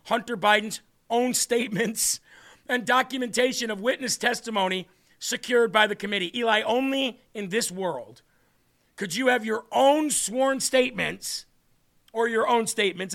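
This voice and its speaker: A man's voice: sits high, creaky, sharp tone. A male political talk show host giving sarcastic, mocking commentary with frequent laughter. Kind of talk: opinionated commentary.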